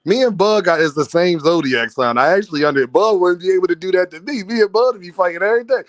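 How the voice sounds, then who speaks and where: A man hosting a casual livestream, reading out donations and talking straight to his chat, animated and laughing often. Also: sits high, fast talker, few pauses, dry recording. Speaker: livestream host.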